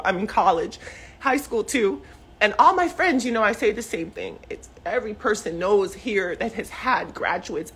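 A woman's voice: medium pitch, a bit bright, breathy edge. A woman in her forties speaking emotionally and at length in an unscripted live video from her living room, rambling with many fillers and restarts. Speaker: mother speaking out on social media. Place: living room at home, cluttered with clothes.

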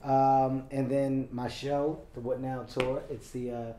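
A man's voice: mid-range voice, level tone, slow, over a noisy crowd. A man with an American accent, a comedian being interviewed, who answers confidently and laughs easily. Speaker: comedian guest. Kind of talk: promotional interview. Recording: echoey room with faint noise.

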